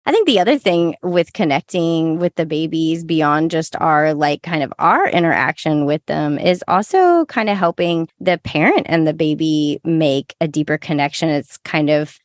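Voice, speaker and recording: A woman hosting a podcast as a lactation consultant, chatting in an animated, giggly way that jumps to high playful tones. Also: moderate pace, hardly any pauses, no room sound. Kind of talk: casual podcast chat.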